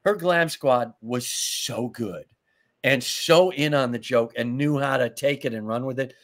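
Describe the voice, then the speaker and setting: A man guesting on a talk show, telling comic stories in a lively way, laughing as he goes and acting out lines. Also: mid-range voice, unhurried. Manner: laughs through his stories, acts out lines. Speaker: guest, comedy writer. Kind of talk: animated anecdotal storytelling.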